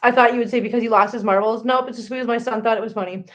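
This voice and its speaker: A middle-aged woman hosting a casual live stream, chatty and animated, greeting viewers by name as she chats. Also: a little high, rapid-fire. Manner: chatty and animated, reads viewer comments aloud. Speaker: livestream host. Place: home, indoors. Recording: echoey room.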